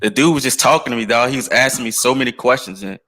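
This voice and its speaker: An American man tells stories on a podcast in a relaxed, slang-filled, casual chat. He talks fast, with a mid-range voice and a sharp tone.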